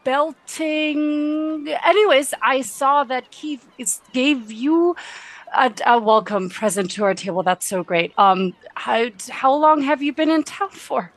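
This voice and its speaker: A woman's voice: high-pitched, slow, no room sound. A woman playing a tabletop game, speaking in character in an awkward, self-correcting way. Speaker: player. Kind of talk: casual tabletop play.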